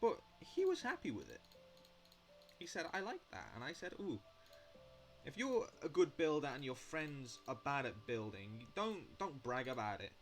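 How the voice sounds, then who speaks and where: A man's voice: medium pitch, huge pitch swings, normal speed, faint music behind. A young man rambling in a casual monologue while building in a game, blunt and chatty, swearing now and then. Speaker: Minecraft builder vlogging.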